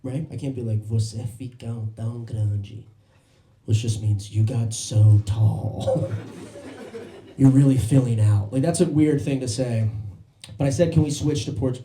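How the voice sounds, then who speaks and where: Animated stand-up comic in a roomy club. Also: male voice, medium pitch, fairly quick. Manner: animated storytelling with voiced impressions. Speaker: stand-up comedian. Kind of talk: stand-up comedy set. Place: comedy club stage.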